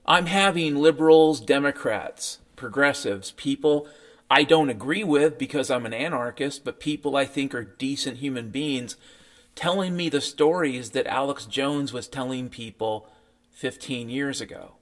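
A man's voice: mid-range voice, unhurried, a bit bright. Sardonic profane man ranting. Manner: sardonic, profane, mocking impressions. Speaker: podcast host. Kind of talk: ranting political monologue. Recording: faint piano music behind.

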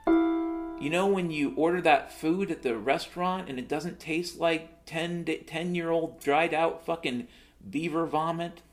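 Male host, sarcastic profane rant, higher voice, faint music behind. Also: a little slow.

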